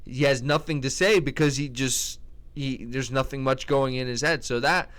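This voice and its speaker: A man's voice: medium pitch, normal speed, fairly bright tone. A man giving blunt, slangy, opinionated commentary in a casual chat, often restarting his sentences. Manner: blunt, slangy, trash-talking, with lots of restarts. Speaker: MMA commentator ranking fighters.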